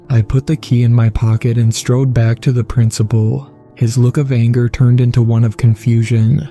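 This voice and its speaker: A man's voice: medium pitch, warm tone. A man reading a scripted horror story aloud as narrator, speaking every character's lines himself. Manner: reads all the dialogue himself in a plain voice. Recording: faint music underneath.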